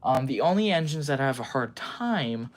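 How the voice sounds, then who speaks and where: This young livestream host sounds very animated, with a medium-pitched voice. He chats casually and quickly about the model he built at his workbench, rambling with many ums and restarts.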